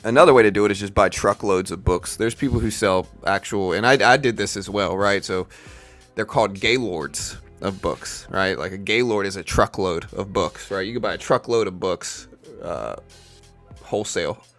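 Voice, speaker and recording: Deep-voiced man chatting. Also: normal speed, fairly bright tone, faint music behind. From South Louisiana. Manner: rambling, filler-heavy, calls viewers bro and dude. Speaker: live trading stream host. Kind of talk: casual live-stream chat.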